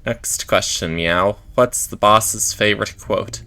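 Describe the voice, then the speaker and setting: A man doing a vain meowing cat artist, gravelly and sharp, game figure. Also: lowish voice, takes it slowly, heavily acted. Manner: ends lines with "meow". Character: vain male cat artist, flowery and eager.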